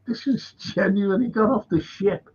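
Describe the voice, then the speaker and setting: High-voiced Liverpool man telling history yarns. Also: measured pace, breathy edge, lo-fi sound. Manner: rambling anecdotes, acts out quoted voices. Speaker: local historian. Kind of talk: livestream storytelling chat.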